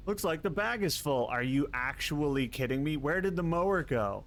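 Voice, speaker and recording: A man streaming live gameplay, chatting casually with his viewers, quick to laugh and curse at what happens on screen. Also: fairly high pitch, a little hiss or hum. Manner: excitable, laughs and swears at the game.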